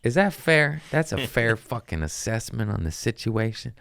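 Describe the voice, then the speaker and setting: A man's voice: mid-range voice, big pitch swings, moderate pace, creaky, a bit bright, clean tone, dry recording, studio quality. A man hosting a podcast as a comedian, telling stories in a loose, profane, casual way and laughing at his own jokes. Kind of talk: casual storytelling chat.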